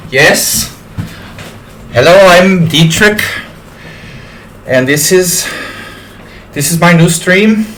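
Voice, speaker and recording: A man's voice: on the high side, a bit bright, slight background noise. A man voicing a goofy German blogger from the Black Forest, with a put-on German accent and a hammy, self-mocking delivery. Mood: jovial.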